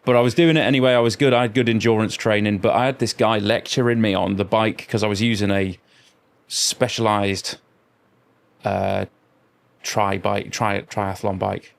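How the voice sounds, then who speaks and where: A man's voice: lowish voice, fairly even intonation, normal speed, gravelly. A middle-aged man co-hosting a podcast, chatting casually in a rambling, anecdotal way with plenty of swearing. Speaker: podcast co-host. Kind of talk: casual chat.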